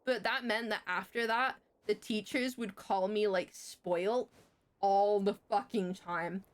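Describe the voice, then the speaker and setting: A young woman streamer telling a story in casual chat, swearing freely and jumping sharply in pitch. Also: steady tone, measured pace.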